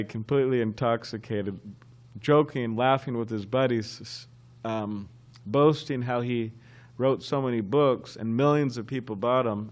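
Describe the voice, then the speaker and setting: A man giving a scripture class at a temple, telling a story in a halting, conversational way. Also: medium pitch. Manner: halting and conversational, often restarting.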